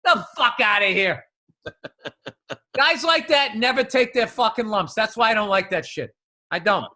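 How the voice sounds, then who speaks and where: A podcast co-host, a man, holds forth in casual chat, heated and profane. His voice sits high and sharp. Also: animated, unhurried.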